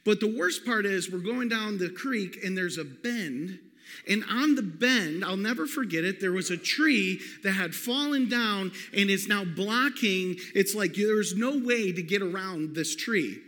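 A man preaching a sermon, telling a personal story in an animated way and calling out to the congregation. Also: high-pitched, a little slow. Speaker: pastor. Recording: long hall reverb.

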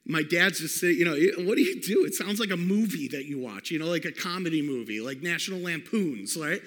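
A man preaching a sermon, telling a personal story in an animated way and calling out to the congregation. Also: on the high side, fairly quick. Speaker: pastor. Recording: long hall reverb.

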